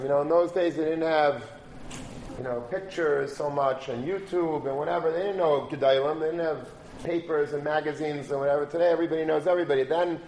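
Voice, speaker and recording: A man giving a storytelling sermon, moving between animated retelling and forceful exhortation. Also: on the high side, slight background noise. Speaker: preacher. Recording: roomy recording with faint background.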